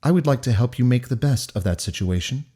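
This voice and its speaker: A man reading the part of a calm, menacing male kidnapper who speaks with cold, formal politeness. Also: mid-range voice, husky, pitched above the performer's own voice. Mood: cold polite. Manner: measured, courteous, coldly formal.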